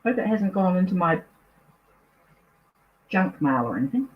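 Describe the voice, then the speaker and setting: A woman's voice: fairly low pitch, very animated, normal speed, phone-quality sound. A woman with a New Zealand accent, a tarot reader chatting casually at home on a live stream, easily distracted, apologetic and thinking aloud.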